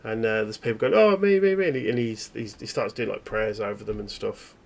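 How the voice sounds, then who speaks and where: A man narrating a tabletop horror game as game master, in halting, descriptive storytelling. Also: fairly low pitch, little pitch movement, vocal fry.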